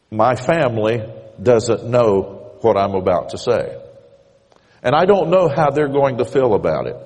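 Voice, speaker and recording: A man preaching a sermon as pastor, telling a story in a measured way and rising emphatically on key points. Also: fairly low pitch, a little mellow. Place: church sanctuary. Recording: church hall reverb.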